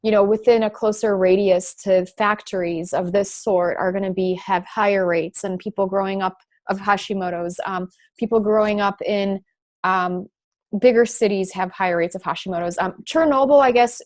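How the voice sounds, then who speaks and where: A woman's voice: medium pitch, fairly even intonation, normal speed, darkish tone. A woman pharmacist speaking as a guest in a podcast interview, explaining thoughtfully with frequent fillers and restarts. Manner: lightly sarcastic at times. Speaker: guest, thyroid specialist pharmacist.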